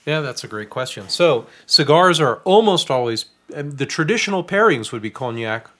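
A man hosting a podcast as a spirits writer, explaining drinks in a relaxed, chatty way with plenty of fillers. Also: a little high, normal speed. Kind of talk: casual tasting chat.

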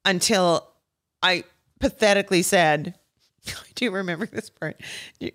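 A woman's voice: on the low side, a little slow, fairly bright tone. A middle-aged woman, an actress and comedian guest, telling funny anecdotes, laughing often and acting out the voices in her stories.

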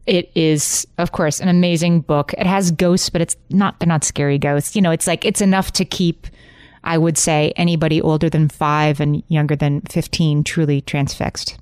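Middle-aged woman co-host, laughing banter, slightly low voice, dry close recording. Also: fairly even intonation, normal speed, darkish tone, clear, resonant tone, no room sound. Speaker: podcast co-host. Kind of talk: casual chat.

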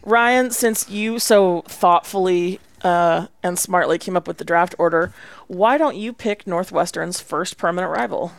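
A man hosting a podcast over a video call, moderating with wry, quick wit. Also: sits high, creaky, slight background noise. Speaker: podcast host. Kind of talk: casual chat.

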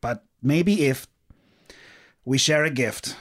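A man voicing a nervous, shy young man in a tabletop game, speaking hesitantly and softly. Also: medium pitch, takes it slowly, voice pushed up. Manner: hesitant, soft-spoken.

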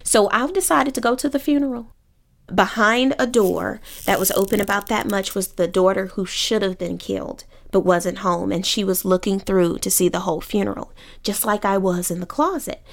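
A woman from Oakland telling a personal story in a vivid, animated way. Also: medium pitch, normal speed, gravelly. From Oakland, California.

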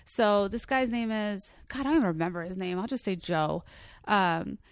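A woman's voice: mid-range voice, normal speed, clear, resonant tone, no echo, clean studio sound. Chatty woman telling a rambling story. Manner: animated, rambling, swearing, quotes others in asides. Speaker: comedian guest. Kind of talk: casual comedic storytelling.

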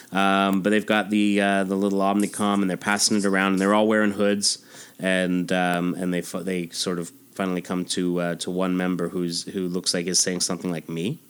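Male podcast host, lowish voice, relaxed and chatty, hesitant fillers. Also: clear, resonant tone. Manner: reads comic dialogue aloud in voices, chatty with fillers. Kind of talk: casual comic book discussion.

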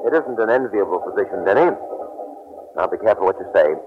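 An actor in 1940s radio acting, playing a brisk, authoritative middle-aged detective captain. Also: male voice, fairly low pitch, animated, natural voice. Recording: dull, hissy old radio recording.

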